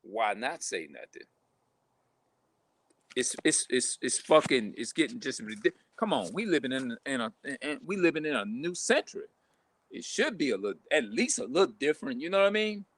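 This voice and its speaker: A man ranting casually to camera, talking rough, profane and repetitive, sounding frustrated. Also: medium pitch, very animated, normal speed, fairly bright tone. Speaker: vlogger.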